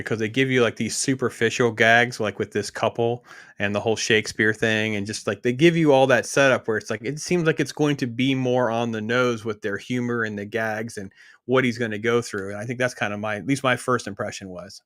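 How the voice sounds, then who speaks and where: A man's voice: medium pitch, a little fast, fairly bright tone, no echo. Dry-voiced man hosting a film chat. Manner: enthusiastic, steers the talk. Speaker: host of a film discussion stream. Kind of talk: casual film discussion.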